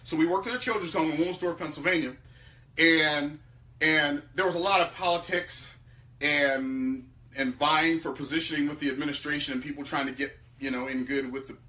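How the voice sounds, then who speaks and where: An emphatic man with a high, bright voice tells a personal story to an audience. He swings from loud outbursts down to hushed, low asides. His delivery stays animated throughout. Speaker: speaker teaching about money.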